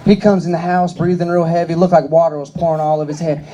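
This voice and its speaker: Profane stand-up comedian, mellow voice. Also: male voice, fairly high pitch, fast talker. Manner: profane, deadpan, conversational.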